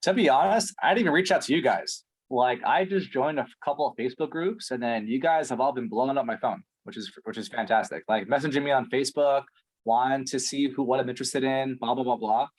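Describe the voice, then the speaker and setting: A man's voice: medium pitch, a little fast. Ranting, foul-mouthed man. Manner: ranting, profane, exasperated. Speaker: prospect in a sales role-play. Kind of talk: sales call role-play.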